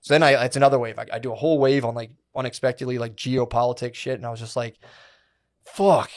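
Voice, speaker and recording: Talking very fast in a medium-pitched voice, a male podcast co-host in his thirties gives an animated, profane and rambling account during a casual chat, acting out people's words and the voices in their heads.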